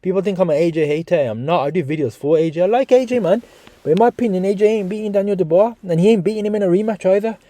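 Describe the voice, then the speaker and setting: A boxing YouTuber reacts to a fight in a high-pitched, rapid-fire voice, swearing and animated as he addresses his viewers as "guys." The recording is dry.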